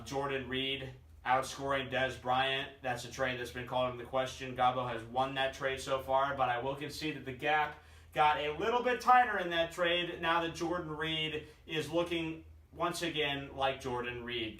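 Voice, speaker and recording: A man's voice: mid-range voice, fairly bright tone. A man ranking his friends' fantasy football teams in a casual comedic commentary, full of puns and forever calling his listeners "guys.". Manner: jokey, pun-loving, keeps addressing his friends as "guys". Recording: echoey room, voice from far off the mic.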